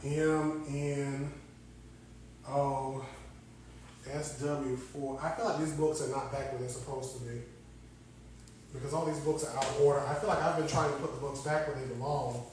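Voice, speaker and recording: A man's voice: medium pitch, fairly even intonation, normal speed, long pauses, darkish tone, slight background noise, rough recording. A man hosting a casual live stream from inside a library, talking with viewers in a playful, teasing way. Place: indoor library.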